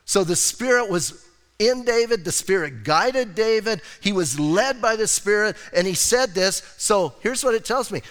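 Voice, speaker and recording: A man's voice: high voice, lively intonation, a little slow, fairly bright tone, big-room sound. A man preaching a sermon as pastor, in a casual, conversational way, acting out quotes as he goes.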